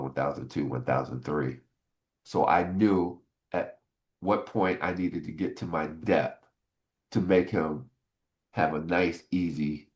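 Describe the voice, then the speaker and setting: A man in his sixties, a former pro football player, telling stories in an interview and acting out old conversations. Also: extremely low pitch. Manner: animated, acts out old conversations. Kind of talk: casual interview storytelling.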